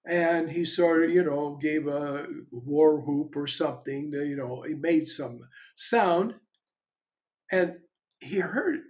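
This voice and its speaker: An older man speaking as a spiritual teacher, his voice sitting a little high for a man. He teaches in a frank, conversational way and drifts easily into stories, with thoughtful pauses between phrases. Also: darkish tone.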